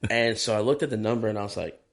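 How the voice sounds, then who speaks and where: Gravelly low-voiced man telling road stories. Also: very fast. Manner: animated, profane, acts out quoted dialogue. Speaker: touring and session drummer, guest. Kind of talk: casual storytelling interview.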